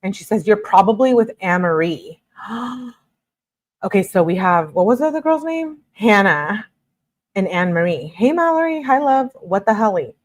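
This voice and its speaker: A woman's voice: mid-range voice, moderate pace. A young woman reading text messages aloud and adding her own shocked commentary, like a true crime commentator. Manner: reads messages flatly, reacts with shocked asides.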